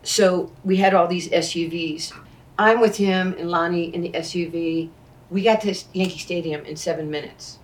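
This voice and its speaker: A woman in her sixties, an interview guest telling personal stories in an animated way and acting out what people said. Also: lowish voice, moderate pace. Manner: animated, acts out quoted speech. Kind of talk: conversational storytelling. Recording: distant mic, faint ambience.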